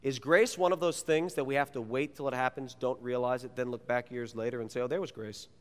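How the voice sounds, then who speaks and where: A man, a youth pastor, preaching a sermon and telling stories in an animated, playful way. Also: mid-range voice, brisk, smooth. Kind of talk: sermon with personal storytelling. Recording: long reverb of a large hall.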